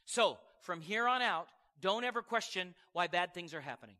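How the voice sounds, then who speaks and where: High, bright-voiced male preacher. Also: animated, normal speed, in a large hall. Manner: conversational, emphatic preaching with frequent call-outs to the congregation. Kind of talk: sermon with scripture reading.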